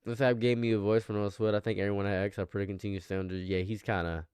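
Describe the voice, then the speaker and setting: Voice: low-pitched, level tone, racing, a little mellow, smooth, dry recording, studio quality. A livestream commentator reacting live, ranting emphatically and repeating phrases for effect.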